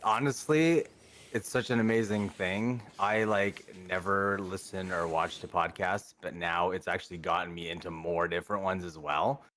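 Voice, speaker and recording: A man in his thirties, a podcast guest chatting in a soft-spoken, easygoing way. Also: sits low, fairly even intonation, moderate pace, slight background noise. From Canada. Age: 30s. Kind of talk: casual podcast chat.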